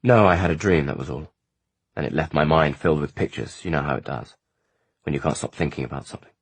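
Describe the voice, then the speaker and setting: A man's voice: very deep voice, fast, breathy edge, heavily acted. A man voicing an awkward, flustered teenage youth who stammers.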